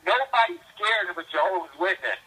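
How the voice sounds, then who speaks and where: A man's voice: sits high, a little fast, slightly rough. A man telling stories over a phone call in a rambling way, restarting his sentences often and acting out the people in them. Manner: rambling, with many restarts and repeated words; animated, acts out quoted people, laughs while telling. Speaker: co-host of a phone chat show. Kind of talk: casual storytelling over the phone.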